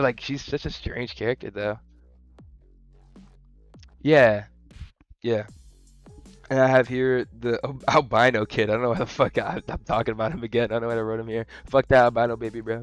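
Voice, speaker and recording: A young man casually rambling through an anime review, slangy, profane and excitable. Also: mid-range voice. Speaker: anime vlogger.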